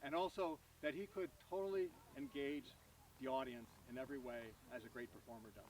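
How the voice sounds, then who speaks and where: A man giving a tribute at an outdoor gathering, telling a lively anecdote and acting out the people in it. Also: mid-range voice, brisk, heavy background noise. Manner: animated anecdote, acting out voices. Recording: voice from far off the mic.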